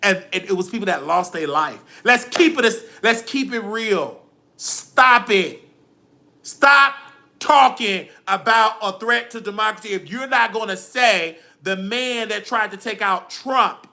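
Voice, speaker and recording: Gravelly, preachy man. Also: sits high, measured pace, bright, forceful tone. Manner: preachy, dramatic, cries often, quotes scripture. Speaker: livestream host. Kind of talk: emotional livestream rant.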